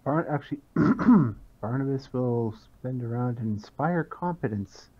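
Gravelly male player on a dull mic. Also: mid-range voice, lively intonation, a little slow, dark tone. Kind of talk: casual table chat.

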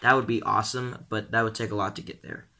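A man's voice: lowish voice, little pitch movement, fast, creaky, background noise. Rambling teen boy vlogger. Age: teens. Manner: rambling, full of "um" and "like". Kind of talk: casual vlog commentary.

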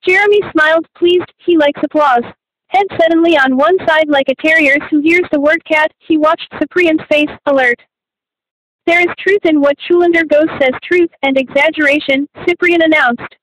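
A woman's voice: sits high, normal speed, a bit bright, a little hiss or hum, poor audio. A woman reading a novel aloud as an audiobook narrator, in scripted narration.

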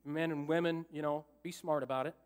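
High-voiced, animated preaching man. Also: brisk, clear, resonant tone. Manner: animated, acts out his own thoughts and jokes with the congregation. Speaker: pastor. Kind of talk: storytelling sermon. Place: church sanctuary.

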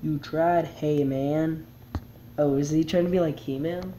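A laid-back player commenting on a game, reading its text aloud in an unhurried way. The voice is mellow and warm, with light laughs between the lines. A faint background noise sits under the talk. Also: mid-range voice, fairly even intonation, rough recording. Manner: reads game text aloud with chuckling asides. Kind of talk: casual gameplay commentary.

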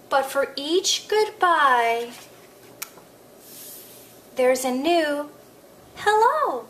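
A woman hosting a children's story time, reading a picture book aloud in an expressive, sing-song way with playful asides. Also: high voice, extremely slow, pauses often, a little hiss or hum.

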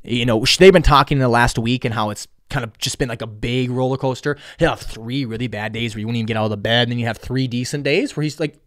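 A man's voice: mid-range voice, quick pace, hardly any pauses, a bit bright, dry recording, clean studio sound. Young man telling a rambling story. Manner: rambling, profane, with sarcastic asides. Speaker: podcast host. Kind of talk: casual personal storytelling.

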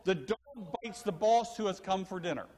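Older man, pastor, sermon, lively swooping pitch, long church reverb. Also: normal speed. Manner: animated storytelling preacher, asks the congregation questions. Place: church sanctuary.

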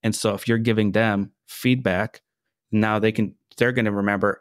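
A man's voice: on the low side, steady tone, normal speed, no room sound, studio quality. A man as a mindset coach guest on a podcast, earnest and explanatory with frequent fillers. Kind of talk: casual interview chat.

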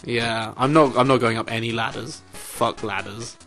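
A man commentating on a game, sweary and exasperated with a deadpan edge. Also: medium pitch, normal speed, creaky, faint music behind. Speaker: let's play commentator. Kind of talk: casual gameplay commentary.

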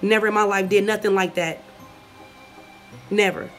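An angry, profane vlog rant from a woman, delivered in a scornful tone as she reads messages aloud. Her voice sits at an average pitch for a woman, with faint music playing under it. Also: fairly even intonation, moderate pace. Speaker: vlogger.

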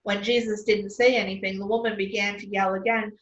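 A woman's voice: medium pitch, normal speed, few pauses, fairly bright tone. Friendly female storyteller reading aloud; distant, echoey, muffled recording. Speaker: children's storyteller. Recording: distant, roomy, dull sound.

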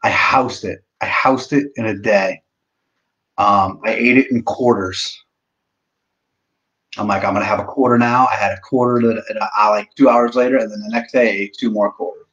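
A man's voice: on the low side, steady tone, normal speed, fairly bright tone, lo-fi sound. A young man hosting a casual live stream, joking and swearing a lot while eating. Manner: joking, profane, self-mocking. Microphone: laptop mic.

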